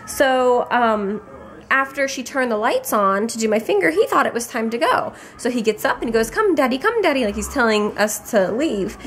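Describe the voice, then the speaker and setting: A woman's voice: fairly high pitch, animated, normal speed, a bit bright, a little hiss or hum. A young woman telling a pregnancy story to the camera in a loose, chatty way, full of fillers and acted-out quotes. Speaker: pregnant mother vlogging her pregnancy. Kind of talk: casual chat.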